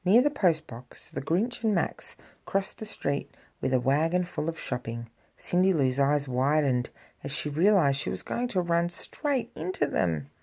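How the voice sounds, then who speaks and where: A woman reads a children's storybook aloud to a child. Her voice is low, mellow and a little gravelly. She reads with lively swings in pitch and acts out the sound effects. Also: measured pace. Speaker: parent reading aloud.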